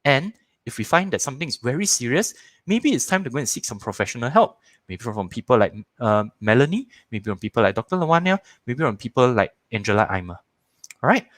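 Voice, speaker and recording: A man's voice: medium pitch, fairly quick, no echo. A man in his thirties with a Malaysian English accent teaching a live online parenting workshop, repeating words for emphasis and acting out little scenes in different voices. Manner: animated, acts out little scenes in shifting voices.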